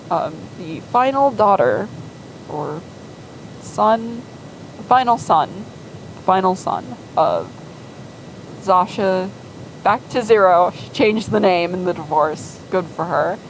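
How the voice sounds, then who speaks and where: A woman's voice: fairly low pitch, a little hiss or hum, poor audio. A woman casually and enthusiastically rambling through her fan-made story timeline with lots of fillers.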